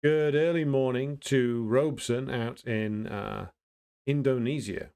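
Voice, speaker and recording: A man hosting a casual livestream, greeting viewers and answering their comments in a blunt, opinionated way, pausing often to think and restarting his sentences. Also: mid-range voice, steady tone, gravelly, darkish tone, clear, resonant tone. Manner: thinks aloud with frequent pauses and restarts. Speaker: livestream host.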